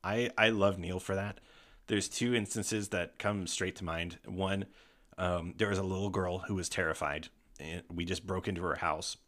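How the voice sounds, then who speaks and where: A man hosting a casual podcast chat, retelling a tabletop game story in an animated way, swearing freely. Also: sits low, moderate pace. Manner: animated, swearing, breaks into laughter.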